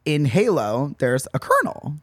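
A young man hosting a podcast in casual chat, animated and dramatic with exaggerated outbursts. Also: on the high side, normal speed, no room sound, clean studio sound. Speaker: podcast host. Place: Venice, California.

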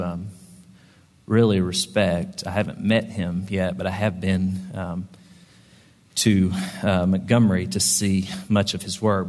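Man preaching in a reverberant hall. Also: deep voice. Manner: conversational, with frequent ums and restarts. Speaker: pastor. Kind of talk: sermon storytelling.

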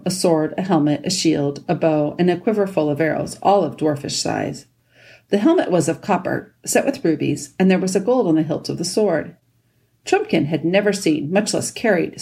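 Breathy woman reading a storybook. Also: lowish voice, animated, normal speed, dark tone. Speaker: audiobook reader. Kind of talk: scripted narration.

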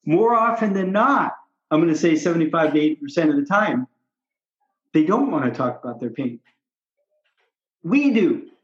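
A doctor coaching on how to talk with patients, a man with a slightly high voice who makes his points with emphatic repetition. The sound is roomy and a little dull. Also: very animated, moderate pace, long pauses.

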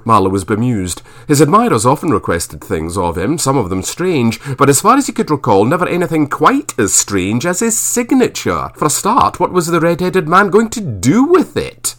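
A man's voice: a little high, wildly swooping pitch, moderate pace, few pauses, fairly bright tone. A man narrating a historical story in a dry, wry storytelling manner. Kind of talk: audiobook narration.

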